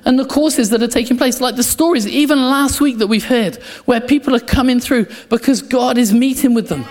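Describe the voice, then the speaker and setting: Male pastor, impassioned sermon, high voice, roomy hall with guitar bed. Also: brisk. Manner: passionate, repeats phrases, drops to quiet intensity. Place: church. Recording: echoey church hall, soft guitar behind.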